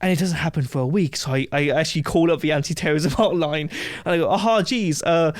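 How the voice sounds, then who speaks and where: A man as a podcast guest, telling rambling, animated anecdotes with frequent laughs in a casual interview. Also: on the high side, fast, no room sound, studio quality.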